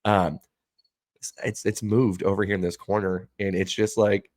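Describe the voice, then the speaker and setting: A man with a fairly low voice tells loose, profane stories in a podcast chat. He is animated and laughs easily. The sound is close and dry, with no room echo. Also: moderate pace. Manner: profane, animated storyteller who laughs often. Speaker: podcast co-host. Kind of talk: casual chat.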